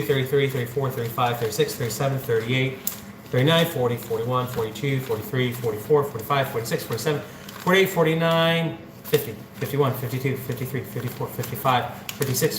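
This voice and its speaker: Counting cash aloud on a casual livestream, this central Ohio man keeps up a brisk, joking patter in a mid-range voice. Background noise is present, and the room echoes with faint ambience.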